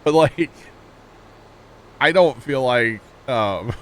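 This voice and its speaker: A man's voice: mid-range voice, expressive, drawn-out words, fairly bright tone. A man from Missouri with a St. Louis accent, chatting casually with stream viewers while playing a game, rambling and laughing easily. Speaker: livestream gamer.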